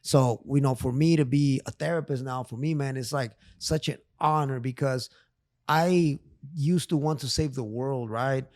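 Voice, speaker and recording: A man's voice: mid-range voice, normal speed, a little mellow, no room sound. A middle-aged man, a therapist talking as a podcast guest, speaking emphatically in street slang with frequent swearing and restarts. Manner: repeats himself, many restarts. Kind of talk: casual podcast conversation.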